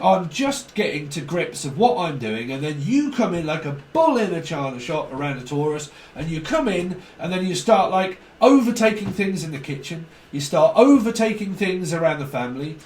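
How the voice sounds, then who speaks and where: A man's voice: high voice, far from the mic, a little hiss or hum. A man reading tarot in casual chat, acting out both sides of arguments and swearing freely. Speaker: tarot reader. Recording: echoey room, voice off-mic.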